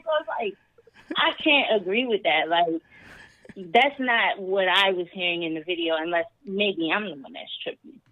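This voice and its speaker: A woman's voice: medium pitch, animated, normal speed, fairly bright tone, no room sound, highs cut off. A woman calling in to a podcast, giving her opinion emphatically in casual chat. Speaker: caller. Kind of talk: casual chat on a call-in show.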